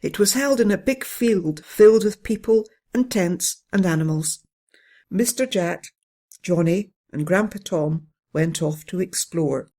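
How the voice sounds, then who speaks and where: A storyteller reading a children's bedtime story in a gentle, steady way. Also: medium pitch, unhurried. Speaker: narrator.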